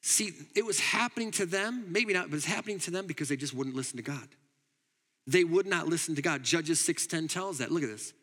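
A man preaching a sermon as pastor, animated and emphatic, often laughing. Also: a little high, fairly quick, breathy edge, long reverb tail.

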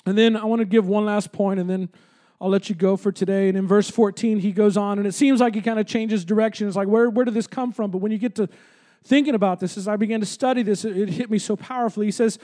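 A man's voice: high-pitched, fast, mellow. A man preaching a sermon as pastor, with impassioned, emphatic repetition.

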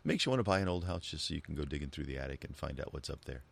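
A man's voice: rumbling low, racing, vocal fry. A man co-hosting a casual talk show, rambling and joking, with many restarts and fillers. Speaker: co-host. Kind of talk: casual chat.

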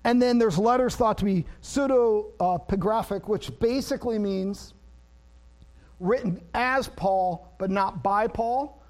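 A man preaching a sermon, an animated storyteller who laughs at himself and then moves into plain teaching about scripture. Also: high voice, measured pace. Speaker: pastor.

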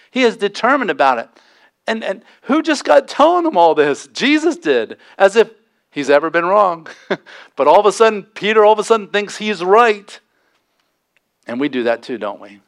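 A man preaching a sermon as pastor, animated, acting out quoted voices with folksy asides. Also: high voice, normal speed.

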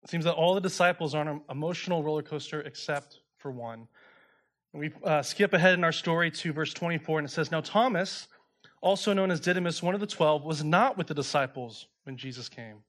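A man with a somewhat high voice preaches in a calm, explanatory way. He reads scripture aloud and steps through its meaning plainly. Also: brisk. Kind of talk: sermon.

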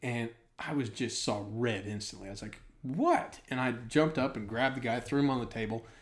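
A middle-aged man casually chatting, telling an animated anecdote and laughing through it. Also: medium pitch, a little fast. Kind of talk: casual storytelling chat.

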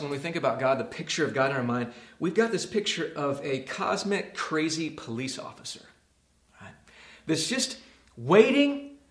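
A man preaching a sermon as a pastor, earnest, dropping to a hush and rising to emphasis. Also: fairly high pitch, echoey room. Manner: earnest, swings from hushed to emphatic.

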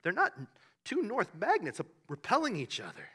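A man delivering a sermon with a high, very bright voice that swings widely in pitch. He tells the story with animated bursts and quiet asides. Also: moderate pace, husky. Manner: animated storytelling, acting out the disciples in loud bursts and hushed asides. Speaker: pastor.

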